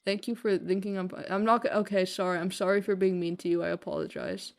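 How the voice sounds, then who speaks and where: A young woman talks off the cuff while she plays a game on a live stream. Her voice sits at an ordinary middle pitch. She rambles through loose, filler-heavy sentences, swears casually and jokes at her own expense. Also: level tone, fast talker.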